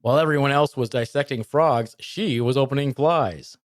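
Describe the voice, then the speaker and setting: A man's voice: mid-range voice, normal speed, no room sound, studio quality. A man hosting a casual comedy podcast, reading jokes and cursing at his co-host in mock anger. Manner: profane, teasing, mock-angry.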